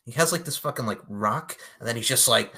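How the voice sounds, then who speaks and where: A man's voice: mid-range voice, brisk, slightly rough. A man co-hosting a podcast, recapping a movie in casual chat, swearing freely and acting out the characters' lines. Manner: animated, profane, acts out characters' lines. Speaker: podcast co-host.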